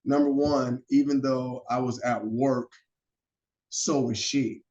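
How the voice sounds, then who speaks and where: A man guesting on a podcast, telling stories in a lively, animated way and acting out the quotes. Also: medium pitch, slow. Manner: animated storyteller who acts out quotes. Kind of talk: casual storytelling chat. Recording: roomy, slightly dull sound.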